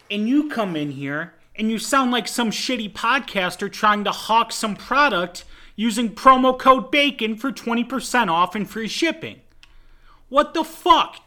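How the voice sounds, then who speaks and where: A man's voice: high voice, pushed and bright, heavily acted. Guy playing a grumpy studio engineer, blunt, swears a lot. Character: exasperated male recording engineer, fed up.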